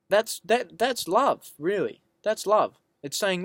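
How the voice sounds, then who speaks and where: A man talks straight to the camera in a loose, unscripted monologue, reading quotes and going off on tangents. He swears freely and leans hard on his points. His voice sits a little higher than most men's, and the sound is dry and close, with no room echo. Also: expressive, measured pace, hardly any pauses. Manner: rambling, profane, emphatic. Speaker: vlogger.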